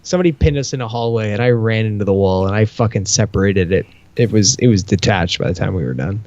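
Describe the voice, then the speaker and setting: A man's voice: lowish voice, expressive, quick pace, darkish tone, dull audio. A man co-hosting a casual podcast, telling long rambling stories, swearing freely and acting out quoted dialogue. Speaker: podcast co-host.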